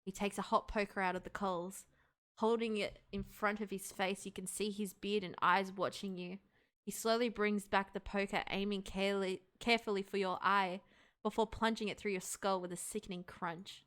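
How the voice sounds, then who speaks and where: A woman's voice: mid-range voice, fairly even intonation, moderate pace, a bit bright. A woman streaming a video game, reading its text aloud and reacting, swearing often and squealing when something scares her.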